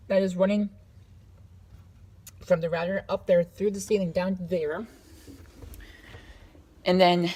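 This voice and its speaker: Rambling low-pitched woman vlogging at home. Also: slightly rough. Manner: rambling, hesitant, with many ums and restarts. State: talking with a lozenge in the mouth. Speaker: tech vlogger. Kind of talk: casual home tour vlog. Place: in a house, walking between rooms.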